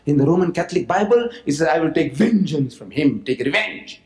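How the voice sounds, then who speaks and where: Animated male lecturer in a roomy hall. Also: on the high side, brisk. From South Africa. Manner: animated, mocking asides, repeats phrases. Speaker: public lecturer. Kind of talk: religious lecture to an audience.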